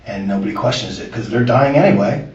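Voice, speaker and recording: A man being interviewed, giving an earnest, halting account of a conversation he recorded. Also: mid-range voice, darkish tone. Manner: earnest, halting retelling with restarts. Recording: echoey room, far from the mic, muffled.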